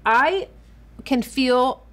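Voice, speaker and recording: A woman's voice: high-pitched, expressive, drawn-out words, a bit bright. A woman who works as a makeup artist, talking casually and enthusiastically while showing a beauty product, often repeating words as she works. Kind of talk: casual product demo tutorial. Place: home studio.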